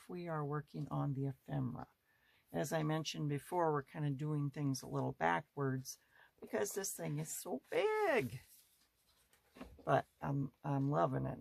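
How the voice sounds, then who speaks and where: Brief: craft vlog host, heavy vocal fry, friendly show-and-tell to the camera. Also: mid-range voice, dry recording. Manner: chatty, thinks aloud, addresses viewers directly. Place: home craft studio.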